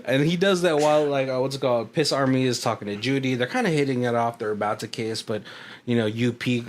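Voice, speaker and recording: A man in a laid-back movie podcast chat, rambling along at an ordinary pitch and breaking into laughter often. He slips into quick acted-out lines from the film as he retells the plot. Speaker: podcast co-host. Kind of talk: casual movie commentary chat.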